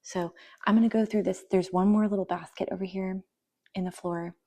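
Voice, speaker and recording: A woman's voice: medium pitch, fairly even intonation, fairly quick, dark tone. A young woman chatting casually while sorting her kids' toys, often trailing into near-whispers. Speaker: vlogger. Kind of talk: casual voice-over while decluttering.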